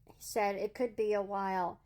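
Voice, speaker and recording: A woman's voice: mid-range voice, steady tone, moderate pace, a little mellow. A woman, earnestly telling a story to camera in a casual vlog and quoting what people said. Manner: earnest, retells dialogue in quotes. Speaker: vlogger.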